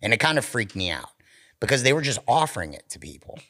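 This podcast co-host speaks quickly in a fairly low voice with vocal fry. Swearing freely, he tells a story in relaxed conversation and performs the voices of the people involved with lively energy.

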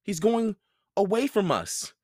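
A man's voice: high-pitched, sing-song, measured pace, darkish tone, no room sound, clean studio sound, voice pushed up, heavily acted. A man voicing a nervous, thoughtful young boy in a read-aloud storybook, in a raised boyish voice. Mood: eager.

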